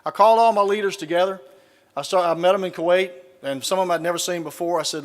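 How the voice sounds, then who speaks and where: A man's voice: high voice, quick pace. Middle-aged Southern man, dry storyteller, on stage in a big echoing hall. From Southern United States. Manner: folksy storytelling with dry punchlines. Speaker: keynote speaker. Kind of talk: speech with humorous anecdotes. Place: large conference hall, live audience. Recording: reverberant hall.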